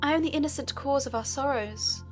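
A woman voicing a gentle, resolute young princess in a sorrowful, measured way. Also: high-pitched, soft background music, voice pushed up, natural voice.

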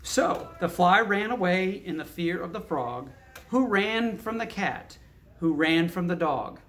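A man's voice: high voice, animated, unhurried, fairly bright tone, slight background noise. A man reading a picture book aloud, adding casual asides and thoughtful hums between lines. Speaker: narrator.

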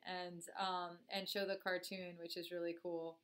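A woman's voice: on the low side, little pitch movement, measured pace, fairly bright tone. A woman vlogger with a cold, chatting casually and addressing her viewers directly as she reacts to a music video. Her talk is loose and conversational. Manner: chatty, talks straight to viewers as "guys". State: has a cold.

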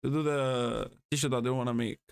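A man chatting excitedly on a live gaming stream, reading the chat aloud and laughing often. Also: medium pitch, moderate pace, creaky, smooth, no room sound.

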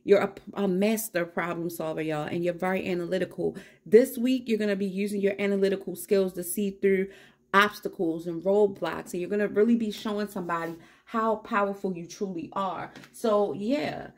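A woman with a mid-range voice and fairly even intonation gives a casual tarot reading at normal speed. She is upbeat and encouraging, chatting straight to her viewers while a cat meows in the background.

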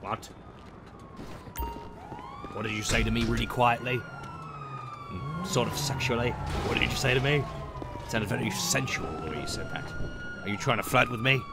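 A man streaming a comedic roleplay as a bumbling detective. His pitch lurches from falsetto squeaks down to gruff murmurs. Loud game noise and police sirens fill the background. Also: wildly swooping pitch, normal speed, long pauses. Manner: absurd put-on bumbling detective voice, pitch leaping from squeaks to low mutters. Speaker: streamer trolling in a roleplay server. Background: game sirens and vehicles.

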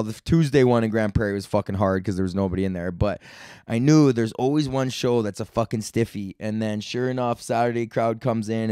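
A man in his thirties, a comedian hosting his podcast, telling a profane, excitable story and laughing often. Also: medium pitch, smooth, no echo, studio quality. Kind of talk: casual storytelling rant.

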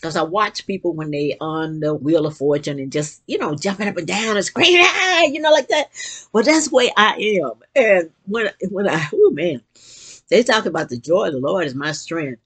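An older woman talking casually about faith and joy in an earnest, rambling way, often restarting her sentences and breaking into bursts of excitement. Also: on the low side, normal speed, husky. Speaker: vlogger reading and reflecting on quotes. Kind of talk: casual spiritual reflection.

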